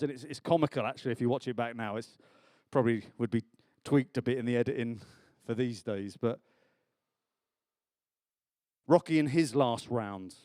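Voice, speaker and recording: A man preaching a sermon in church, chatty and animated, laughing often. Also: fairly high pitch, no room sound.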